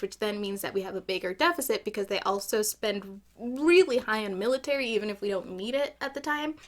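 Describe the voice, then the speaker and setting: A woman giving casual gameplay commentary, chatty and opinionated, with jokey asides. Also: medium pitch. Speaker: gaming YouTuber.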